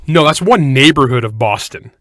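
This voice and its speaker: A man from California co-hosts a writing podcast in casual chat at a middle pitch. He rambles, restarts his sentences and drops deadpan jokes. He is heard close and dry, with no room sound. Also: moderate pace, no echo. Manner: rambling, self-correcting, joking asides. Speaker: podcast co-host.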